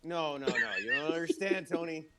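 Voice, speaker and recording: A man's voice: on the high side, a little fast, recorded from a distance, over a noisy crowd. A blunt, profane man chatting casually and mocking others, his voice rising sharply when he gets exasperated. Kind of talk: casual chat.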